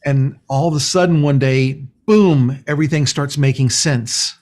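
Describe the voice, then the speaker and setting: A man speaking as a guest, explaining a spiritual practice in a calm, slow, earnest way. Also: mid-range voice. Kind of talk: spiritual teaching in conversation.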